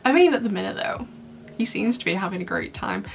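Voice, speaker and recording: A woman's voice: medium pitch, lively intonation, fairly quick, vocal fry, soft background music. A young woman chatting casually to camera, bubbly and rambling, laughing often. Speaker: YouTuber reviewing fan memes.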